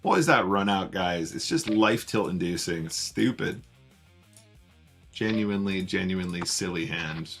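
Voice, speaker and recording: A man's voice: deep voice, lively intonation, unhurried, gravelly, fairly bright tone, faint music behind. A man casually commentating his online poker play on a live stream, chatting with viewers as he goes. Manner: chatty, greets viewers while playing.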